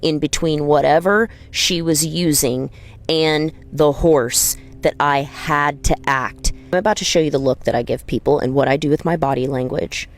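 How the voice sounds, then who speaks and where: Woman vlogger with a low voice, earnest and emphatic personal storytelling to camera. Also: moderate pace, a little hiss or hum. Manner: earnest, emphatic, acts out gentle high-pitched pleas. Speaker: dog trainer and video creator.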